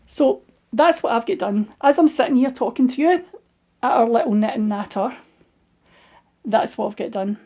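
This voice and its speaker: Middle-aged scottish woman nattering away about her knitting, bit high-pitched, warm and soft, rambly and laughing at herself. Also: lively intonation, moderate pace, pauses often. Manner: rambling, self-deprecating, chatty. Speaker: knitting video host. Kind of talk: casual chat.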